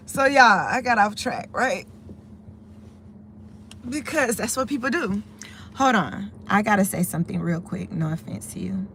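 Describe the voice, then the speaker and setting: A woman's voice: medium pitch, normal speed, creaky, fairly bright tone, slight background noise. A middle-aged woman from the United States, chatting casually on a live stream from her parked car, greeting viewers and easily sidetracked. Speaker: live streamer reading chat.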